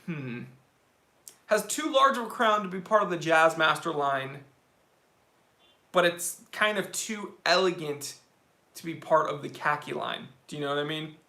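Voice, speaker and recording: A man hosting a casual live stream about watches, opinionated and animated, answering viewer questions. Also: on the high side, measured pace, pauses often, roomy sound.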